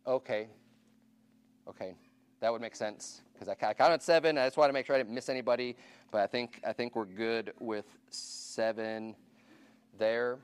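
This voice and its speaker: A man's voice: medium pitch, steady tone, normal speed, smooth. A man pastor giving casual church announcements to his congregation, informal and chatty, asking the room questions and counting raised hands.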